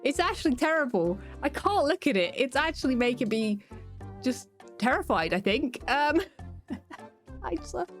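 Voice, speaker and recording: A woman's voice: high voice, big pitch swings, moderate pace, soft background music. A British woman giving casual, playful gameplay commentary as a Minecraft YouTuber. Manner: chatty and playful.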